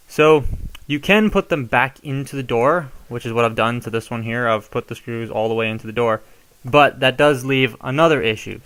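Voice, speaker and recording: A man's voice: medium pitch, a bit bright. A young man casually showing how to modify a toy, chatty and given to rambling asides. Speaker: toy reviewer. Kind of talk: casual hands-on tutorial.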